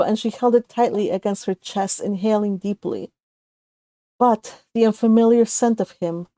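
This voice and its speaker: Woman storyteller, mellow, emotive reading, dry close sound. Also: medium pitch, dry recording. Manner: soft, emotive, with occasional self-corrections. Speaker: fanfic author and reader. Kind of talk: storytelling narration.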